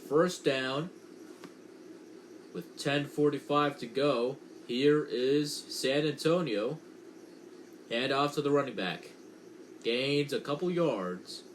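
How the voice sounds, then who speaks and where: A man's voice: mid-range voice, slight background noise. A young man giving casual, unpolished play-by-play commentary on a football game from home, correcting himself and chatting between plays. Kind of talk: casual watch-along commentary.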